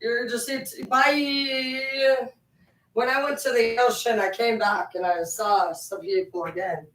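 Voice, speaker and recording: A woman rambles on at home with frequent swearing, her talk loose and animated. Her voice rings in an echoey room and sits some distance from the mic. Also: on the high side, slow. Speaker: vlogger. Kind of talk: rambling casual monologue. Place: home, indoors.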